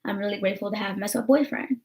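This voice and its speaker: A woman's voice: mid-range voice, racing, a little mellow. A young American woman vlogging in casual chat, rambling with lots of fillers and swearing.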